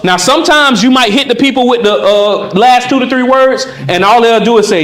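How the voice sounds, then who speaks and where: A man teaching conversation skills at a live workshop, animated and acting out both sides of a chat. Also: extremely high pitch, moderate pace, few pauses. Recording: echoey room.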